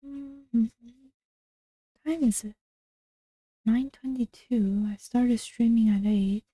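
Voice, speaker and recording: High-voiced woman chatting while she draws. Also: slow pace, dark tone, poor audio. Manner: rambling, self-deprecating, trails off mid-sentence. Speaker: art streamer. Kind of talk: casual chat while drawing on stream.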